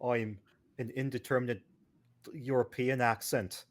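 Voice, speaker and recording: Playful, halting man playing a tabletop game. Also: mid-range voice, steady tone. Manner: playful, halting, many fillers. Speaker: player. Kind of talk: casual tabletop play.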